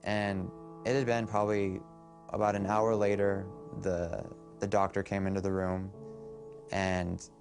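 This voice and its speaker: A young man speaks in a somewhat low voice, recounting a loss in halting, hushed phrases. Quiet music plays faintly behind him. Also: little pitch movement, creaky. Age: young adult. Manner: halting, quiet, grief-stricken recollection. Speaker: interviewee. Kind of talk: documentary interview.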